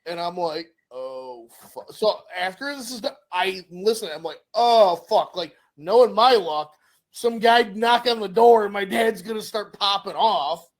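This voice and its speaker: A man's voice: high voice, moderate pace. A middle-aged man co-hosting a casual podcast chat, asking questions and telling stories with acted-out voices. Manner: animated storyteller, acts out voices.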